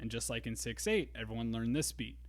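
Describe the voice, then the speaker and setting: A man teaching a drum lesson in a relaxed way, explaining grooves step by step. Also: medium pitch, fast. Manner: counts beats aloud, easygoing explaining. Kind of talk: casual instructional talk. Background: drum kit and metronome.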